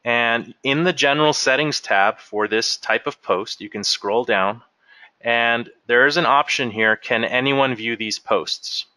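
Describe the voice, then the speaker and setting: A man leading a software training webinar, explaining settings step by step as he clicks through them. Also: medium pitch, measured pace, no echo. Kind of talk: screen-share software walkthrough.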